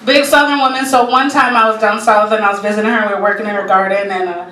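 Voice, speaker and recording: A woman's voice: medium pitch, steady tone, rapid-fire. Brash, profane woman doing stand-up. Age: 40s. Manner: brash, profane, laughing at her own jokes. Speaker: stand-up comedian. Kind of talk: stand-up comedy set. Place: comedy club stage. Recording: roomy live club recording, heard from a distance, noisy.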